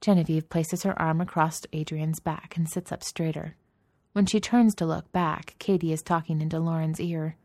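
Low, mellow-voiced woman narrating a story. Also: steady tone, normal speed, dry recording. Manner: reads dialogue in lightly raised voices. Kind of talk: audiobook narration.

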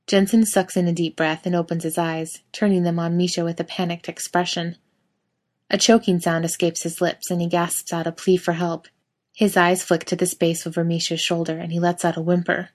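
A woman narrates a story in a steady, expressive read. Her voice sits somewhat low for a woman.

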